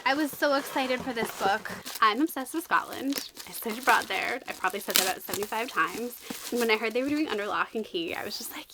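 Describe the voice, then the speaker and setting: A bright, high-voiced woman gushes over her books in a casual unboxing chat. Her pitch leaps all over the place as she jokes and reacts. There is a faint hiss under the recording. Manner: gushing, excitable, quick jokey asides. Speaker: book vlogger.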